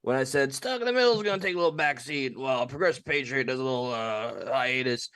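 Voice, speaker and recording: A man's voice: medium pitch, lively intonation, quick pace, a bit bright, clean tone, no echo. A man hosting a live call-in show, chatting casually with dry, joking banter. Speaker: podcast host. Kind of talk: casual group chat.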